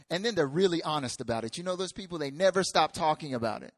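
A man's voice: a little high, expressive, quick pace, dry recording, studio quality. A man preaching a sermon in a conversational way, acting out little dialogues.

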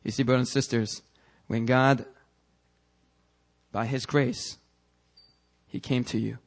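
A male pastor preaching a fervent sermon that rises into shouting, then leading prayer. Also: medium pitch, little pitch movement, slow pace.

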